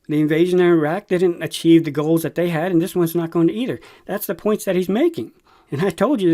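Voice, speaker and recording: A man's voice: fairly high pitch, a little mellow. A man hosting a Christian news briefing, reading headlines aloud and commenting on them with emphasis. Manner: reads news quotes then comments emphatically. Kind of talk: news commentary read-through.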